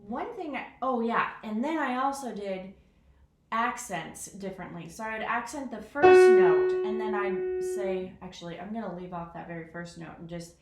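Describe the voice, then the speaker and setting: A woman talking casually through how she practices a piano piece, chatty and self-deprecating, counting rhythms out loud. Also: mid-range voice, normal speed. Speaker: piano teacher. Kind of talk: casual piano lesson vlog. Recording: echoey room with piano. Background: piano playing.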